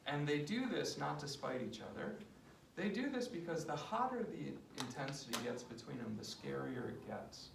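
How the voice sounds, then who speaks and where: A man with a gravelly voice, a couples therapist, passionately explaining his therapy method in an interview. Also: a little high, big pitch swings, moderate pace, few pauses. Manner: passionate, demonstrates with role-play. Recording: echoey room, distant mic, noisy.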